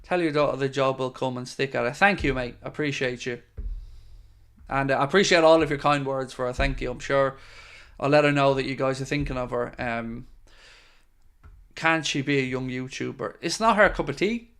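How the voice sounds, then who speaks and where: Chatty man with a smooth voice. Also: medium pitch, normal speed, a bit bright. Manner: chatty and friendly, with frequent fillers. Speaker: fan channel host. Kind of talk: casual live-stream chat reading viewer comments.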